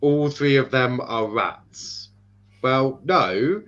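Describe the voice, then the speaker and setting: A man from Ireland hosts a casual football stream, teasing his co-hosts and laughing between halting, filler-heavy remarks. His voice sits mid-range and comes through dull, lo-fi stream audio. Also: medium pitch, animated, fairly bright tone. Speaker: host. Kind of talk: casual podcast chat.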